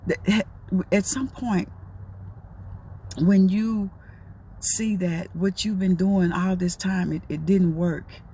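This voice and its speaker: A woman's voice: fairly low pitch, steady tone, slow, long pauses, warm tone, slightly rough. A middle-aged woman giving a casual, preachy motivational talk, folksy and repetitive. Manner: folksy, preachy, repeats herself. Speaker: motivational talker.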